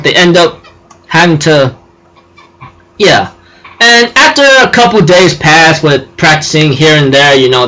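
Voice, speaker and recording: A man recaps an anime episode in a loose, rambling way, stopping to correct himself. His voice is high and bright, with lots of ums and likes. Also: low-quality recording. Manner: rambling, filler-heavy, self-correcting. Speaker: anime reviewer.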